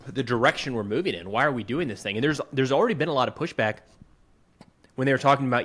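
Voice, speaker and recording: A male podcast co-host in casual political discussion. He sounds frustrated and keeps searching for his words as he reasons aloud, at a medium pitch. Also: fast, a bit bright.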